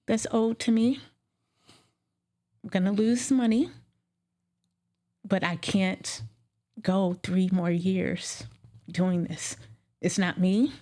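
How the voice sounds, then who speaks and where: A woman dentist telling her career story in an interview, emotional and animated, acting out what she said back then. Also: mid-range voice. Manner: emotional, animated, acts out her own quotes.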